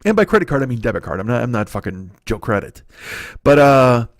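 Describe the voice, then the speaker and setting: A man's voice: mid-range voice, very animated, a little fast, dry recording, studio quality. A man in his forties hosting a solo comedy podcast, telling a rambling, profane story. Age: 40s. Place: home studio.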